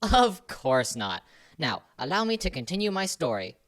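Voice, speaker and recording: A woman's voice: low voice, big pitch swings, moderate pace. A woman voicing a rambling, overdramatic male German film director in a comedy podcast sketch. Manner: overdramatic, long-winded storyteller.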